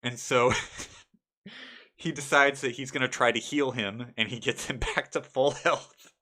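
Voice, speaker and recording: A young man recaps the tabletop game he ran, and his bright, lively voice breaks into laughter as he goes. His telling is casual and animated, and he slips into quick character voices. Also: medium pitch. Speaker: game master telling a story. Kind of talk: casual storytelling vlog.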